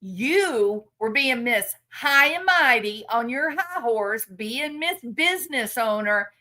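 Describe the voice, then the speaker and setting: Woman, commentary host, outraged, sarcastic, bright tone, unhurried. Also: fairly high pitch, expressive. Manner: outraged, sarcastic, addresses her subject directly. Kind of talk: indignant commentary monologue.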